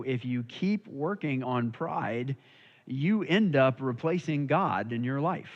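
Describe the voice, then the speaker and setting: Male Bible study leader, chatty and conversational, mid-pitched voice, dull lo-fi recording. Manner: conversational, checks in with listeners. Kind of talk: casual church Bible study teaching.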